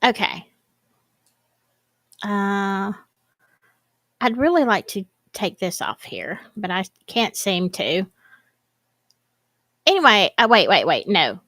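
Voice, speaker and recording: Woman, chatty and rambling, animated pitch, dry close sound. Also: slow pace, pauses often, dry recording. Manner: chatty, rambling, laughs often. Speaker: host. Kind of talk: casual chat to a live audience.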